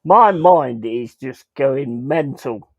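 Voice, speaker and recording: A man's voice: medium pitch, lively intonation, slow pace, narrow, tinny audio, crowd noise. A man telling rambling, profane holiday stories in a casual podcast chat. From England. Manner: profane, laughing, rambling anecdotes. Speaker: podcast host.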